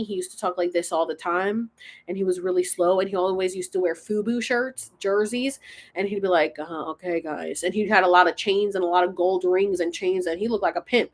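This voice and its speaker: A woman hosting a casual spiritual livestream, chatting and rambling, often losing her thread. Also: medium pitch.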